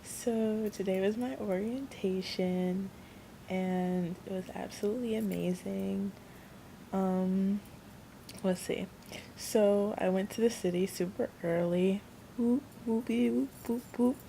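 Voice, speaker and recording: A woman's voice: mid-range voice, steady tone, slow, vocal fry, mellow, slight background noise. A young woman vlogging, telling a rambling story in a chatty way and acting out the people she quotes. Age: young adult. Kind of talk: casual storytelling vlog.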